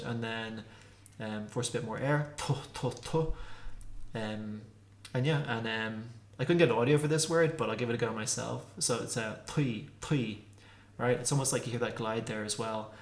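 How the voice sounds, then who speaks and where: A man teaching a casual pronunciation lesson, repeating consonant sounds slowly to demonstrate them. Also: mid-range voice. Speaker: language teacher. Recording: echoey room.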